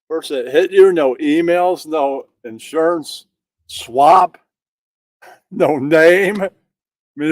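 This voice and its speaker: A man's voice: a little high, no room sound. A man hosting casual banter, riffing crudely and mockingly.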